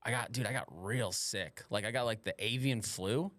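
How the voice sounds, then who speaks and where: A man's voice: lowish voice, normal speed, fairly bright tone, no room sound. A young man, a podcast host and stand-up comic, chatting casually and telling rambling stories full of swearing and playful slang.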